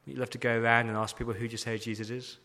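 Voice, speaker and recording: A man's voice: medium pitch, little pitch movement, very fast, sharp tone. Pastor guy preaching, keeps firing questions at the crowd, big hall echo. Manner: emphatic preaching with repeated rhetorical questions. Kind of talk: sermon. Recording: long hall reverb.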